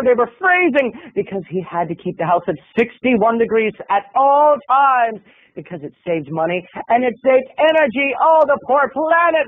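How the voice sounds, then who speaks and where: A man's voice: high voice, narrow, tinny audio. A man vlogging, telling a funny story with theatrical, exaggerated delivery. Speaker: video blogger. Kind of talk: comedic storytelling vlog.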